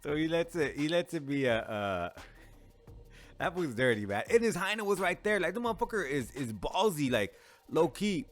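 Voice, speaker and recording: A man's voice: on the high side, sing-song, normal speed, soft background music. A man casually reacting to a movie, talking in profane slang and laughing often. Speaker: movie reviewer.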